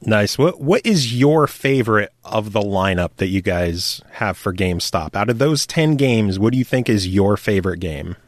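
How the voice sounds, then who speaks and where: A man's voice: on the low side, expressive, moderate pace, hardly any pauses, no room sound. Chatty male interviewer, dry sound. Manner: playful, chatty questions. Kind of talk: casual interview.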